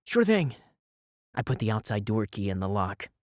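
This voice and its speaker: A man's voice: lowish voice, little pitch movement, fairly quick, a little mellow, dry recording. A man narrating a first-person audiobook in a wry, sarcastic storytelling manner, on a close studio mic.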